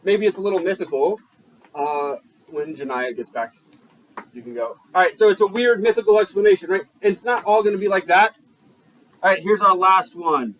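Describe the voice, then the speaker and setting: High-voiced joking male teacher. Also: fairly bright tone, a little hiss or hum, rough recording. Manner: joking, keeps quizzing the class. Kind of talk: classroom lecture. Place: classroom.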